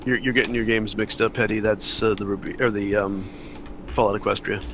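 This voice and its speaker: Guy on a noisy voice chat, lowish voice, casual tabletop banter. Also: flat delivery, fairly quick, fairly bright tone. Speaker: player.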